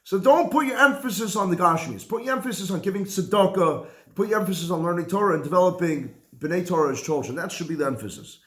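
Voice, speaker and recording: A man, a rabbi, giving a lively conversational halacha class. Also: sits high, fast. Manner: animated, conversational, mixes Hebrew and Yiddish terms. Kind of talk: Torah class lecture. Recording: echoey room.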